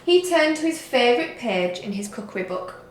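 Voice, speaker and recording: A woman teacher reading a story aloud to young children, slowly and expressively. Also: fairly high pitch, echoey room, slight background noise. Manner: slow, expressive read-aloud. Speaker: reception teacher.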